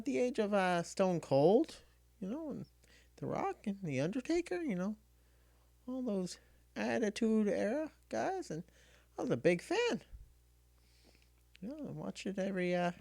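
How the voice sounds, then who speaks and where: A man's voice: high voice, gravelly, darkish tone, dry recording. A man streaming a game, telling a story in a rambling, casual way, full of restarts, close and dry on the mic. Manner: rambling, many restarts and fillers. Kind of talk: casual storytelling while gaming.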